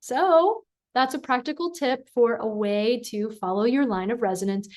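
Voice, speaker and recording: A woman vocal coach giving a singing lesson, calm and encouraging, who breaks into sung syllables to demonstrate. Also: fairly high pitch, moderate pace.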